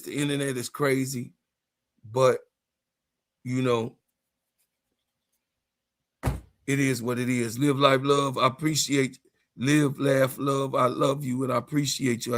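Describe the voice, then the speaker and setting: A man in his fifties hosting a sports livestream, ranting in a heated, profane way, repeating himself and rising into shouts. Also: mid-range voice. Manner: profane, repetitive, raises voice into shouts. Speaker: sports channel host.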